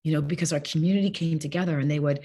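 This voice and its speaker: A woman's voice: sits low, fairly even intonation, very fast, mellow, slightly rough. A middle-aged woman speaking as an interview guest, talking candidly and emotionally about caring for her husband, often rambling and restarting. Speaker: guest, caregiver widow.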